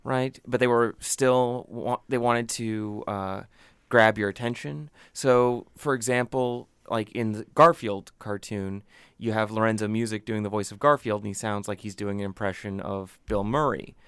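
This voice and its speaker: A man's voice: lowish voice, steady tone, normal speed, fairly bright tone, smooth, no echo, studio quality. A man co-hosting a comedy podcast, explaining things at length with teasing asides. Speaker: podcast co-host. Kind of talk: casual comedy chat.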